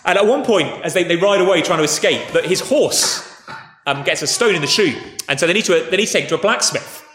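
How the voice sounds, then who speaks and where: A man's voice: sits high, lively intonation, fast talker, fairly bright tone, a little hiss or hum. Preacher man in an echoing hall. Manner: conversational storytelling, addresses children. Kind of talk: sermon. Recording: echoey hall with faint ambience.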